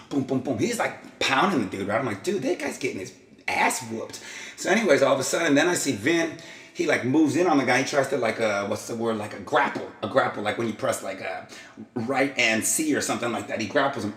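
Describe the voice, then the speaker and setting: A man's voice: medium pitch, fairly bright tone, roomy sound. Rambling man telling a wild story. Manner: rambling, acts out quotes and sound effects. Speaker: vlog host. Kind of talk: casual storytelling.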